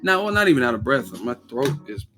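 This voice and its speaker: A man hosting a boxing live stream, hyped and slangy, rattling off quick shout-outs in casual chat. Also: mid-range voice, sing-song, soft background music. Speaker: boxing channel host.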